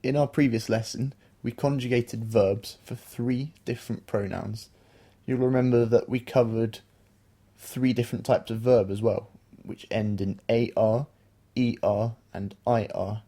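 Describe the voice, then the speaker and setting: Guy teaching a beginner spanish lesson on a podcast, patient, warm mellow voice. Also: mid-range voice, steady tone, a little slow. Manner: patient, explanatory. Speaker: language teacher, podcast co-host. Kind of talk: explaining a beginner language lesson.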